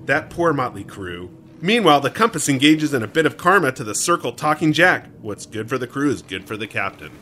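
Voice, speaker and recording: A man's voice: medium pitch, sing-song, fast, hardly any pauses, pushed and bright, a little hiss or hum. An American man co-hosting a podcast in a jokey, playful, theatrical chat. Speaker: podcast co-host.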